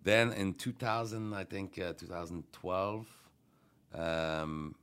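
Low-voiced male comic, casual podcast storyteller, swears freely, restarts sentences. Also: fairly even intonation, takes it slowly, fairly bright tone, smooth. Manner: rambling, profane, self-interrupting. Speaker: comedian. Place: radio studio.

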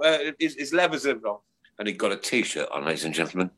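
A middle-aged man hosts a fan podcast in a loose, jokey way, rambling through his stories with plenty of fillers and restarts. His voice sits very low but swings up and down a great deal. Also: sing-song, quick pace, a bit bright. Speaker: podcast host. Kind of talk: casual chat.

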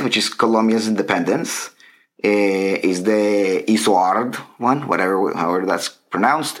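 A middle-aged man co-hosting a casual chat, ranting and mocking himself. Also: lowish voice. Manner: ranting, self-mocking, animated. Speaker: podcast co-host.

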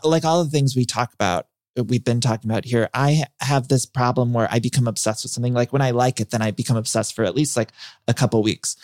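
A man appears as a guest on a podcast, gushing with enthusiasm in casual chat. His voice is medium in pitch. The recording is dry and close. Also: darkish tone, dry recording.

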